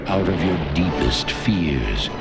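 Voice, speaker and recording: A man narrating a movie trailer voice-over in a slow, ominous, portentous delivery. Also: deep voice, big pitch swings. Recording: movie trailer audio with loud score. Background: loud orchestral trailer music.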